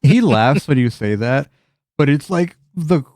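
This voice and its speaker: A man's voice: mid-range voice, expressive, measured pace, a little mellow, no room sound. Chill dm guy narrating the game, swears a lot, dry sound. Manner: casual, laughing, swears a lot. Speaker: game master.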